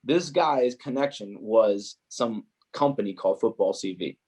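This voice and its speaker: Low-voiced New man telling stories. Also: measured pace, husky. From New Jersey, USA. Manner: animated, heavy use of "like" and "you know". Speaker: podcast guest, footballer. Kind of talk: casual storytelling chat.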